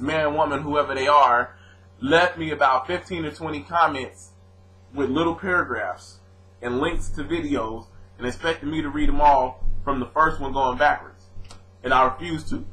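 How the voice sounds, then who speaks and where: This is a young man recording a casual vlog, arguing with his commenters in loose, everyday slang. His voice sits on the higher side for a man. He stays animated and combative, speaking directly to the viewers as he makes his case. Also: moderate pace, poor audio. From born in Louisiana, raised on the US West Coast. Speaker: vlogger answering his commenters. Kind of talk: casual argumentative video rant.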